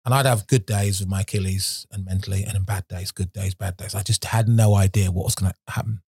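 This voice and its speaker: A middle-aged man talks candidly in an interview, his low voice dark and a little husky. He rambles, stops and restarts as he tells his story. The sound is close and dry. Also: fairly even intonation, brisk, no room sound. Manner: rambling and frank, many restarts and fillers. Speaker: guest, former Olympic sprinter.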